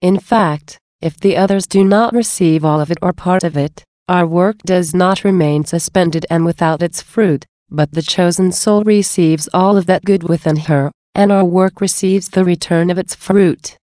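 A woman's voice: lowish voice, moderate pace, hardly any pauses, mellow, no room sound, studio quality, natural voice. A woman reading as the tender newborn Christ child. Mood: solemn.

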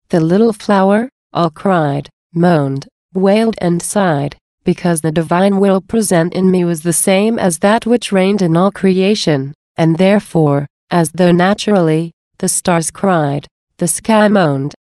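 A woman reading aloud the words of a gentle, tender Jesus speaking to a beloved soul, in a slow, solemn, devout manner. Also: lowish voice, no echo, clean studio sound, natural voice.

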